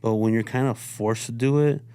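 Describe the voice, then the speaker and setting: Chicago man hosting a casual podcast, smooth clear voice, mid-pitched, easygoing delivery. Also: normal speed, dry recording. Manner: relaxed, laid-back storytelling, chuckles, swears casually. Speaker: podcast host. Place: studio.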